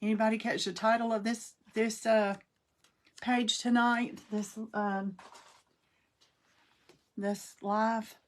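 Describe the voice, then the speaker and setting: A middle-aged woman hosts a craft livestream, her voice sitting on the high side with little pitch movement. She speaks slowly, with long pauses, chatting in a folksy way and greeting viewers by name as she works.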